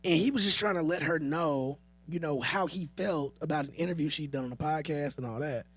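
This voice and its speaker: Casual co-host: husky man, fairly high voice, animated teller. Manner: animated storyteller, quick repeated restarts. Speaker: podcast co-host. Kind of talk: casual chat, reading quotes aloud.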